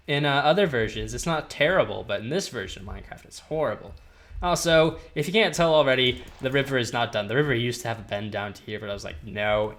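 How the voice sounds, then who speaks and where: A man's voice: medium pitch, background noise. A young man giving casual, rambling commentary while playing a game, chatty and gushing over what he sees. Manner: rambling, chatty, gushes over cute dinosaurs. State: hiccuping. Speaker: gaming YouTuber.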